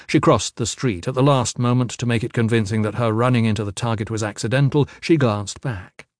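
A male audiobook narrator with a medium-pitched voice reads a fantasy novel in a steady, measured way. He is recorded close to the mic in a very dry room with no echo. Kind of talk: scripted narration.

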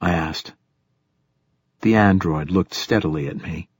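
A man narrating a first-person science-fiction audiobook in a measured, steady storytelling manner. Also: low-pitched, husky, no echo.

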